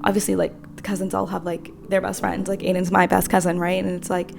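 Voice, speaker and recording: Fast-talking young woman with a gravelly edge. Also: on the low side, little pitch movement, darkish tone, slight background noise. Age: 20s. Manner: rambling, earnest, full of fillers. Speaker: vlogger. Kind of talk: casual talk to camera.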